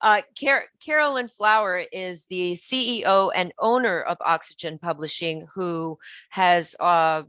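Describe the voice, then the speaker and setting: A woman's voice: fairly low pitch, measured pace, bright, forceful tone, clear, resonant tone, no echo. A woman co-hosting an online interview show, supportive and chatty. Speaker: co-host. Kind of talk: casual interview chat.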